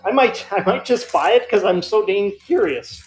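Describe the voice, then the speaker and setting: A woman's voice: mid-range voice, lively intonation, moderate pace, a little mellow, poor audio. A woman co-hosting a live online clothing sale, thinking aloud about the stock and teasing her partner dryly. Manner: explains and muses aloud, dry teasing. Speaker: live-stream seller co-host. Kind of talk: casual live-sale chat.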